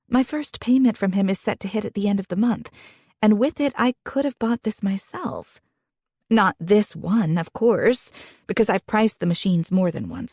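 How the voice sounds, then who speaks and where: A young woman reading a first-person romance audiobook in an expressive, intimate way, with a husky voice. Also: mid-range voice, dry recording, clean studio sound. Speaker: audiobook narrator.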